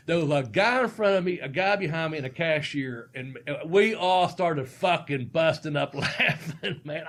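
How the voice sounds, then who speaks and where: A man's voice: high voice, fairly bright tone. A man hosting a podcast, telling a profane story and laughing through it. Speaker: podcast host, former wrestler. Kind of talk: casual storytelling.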